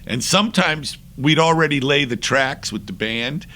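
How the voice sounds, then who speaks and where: An older man, a podcast guest, telling anecdotes in a lively way and acting out the voices of the people he quotes. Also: mid-range voice, moderate pace. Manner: lively, acts out quoted voices, breaks into laughs. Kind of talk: anecdotal storytelling.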